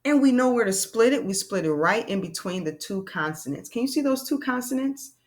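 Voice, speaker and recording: A woman teaching a children's reading lesson in an animated, playful way, slowing down to stress key words. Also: fairly high pitch.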